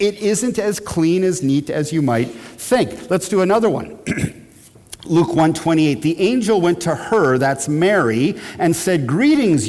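A man teaching church history in a lecture, animated, often repeating words and asking his listeners questions. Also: fairly high pitch. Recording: long hall reverb.

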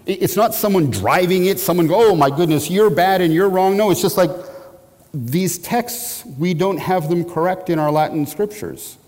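Man, lecturer, lively up-and-down delivery, repeats and restarts, long hall echo. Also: on the high side. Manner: animated, repeats words and restarts, asks the listeners questions. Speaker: teacher of church history. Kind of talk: lecture on Reformation history.

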